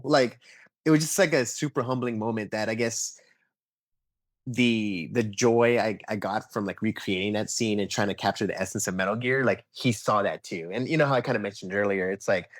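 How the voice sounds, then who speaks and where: Young adult man, podcast guest, casual animated storyteller, mid pitch, dry sound. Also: a little fast, no echo. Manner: animated storyteller, acts out quotes, many fillers like "like" and "um". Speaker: podcast guest, toy photographer. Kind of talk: casual interview chat.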